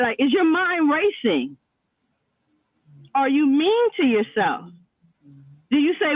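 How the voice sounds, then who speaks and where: A woman speaking over a tinny, dry phone line, her voice high and full of lively swoops. She coaches gently, posing reflective questions one after another. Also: measured pace, dry recording. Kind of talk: casual chat.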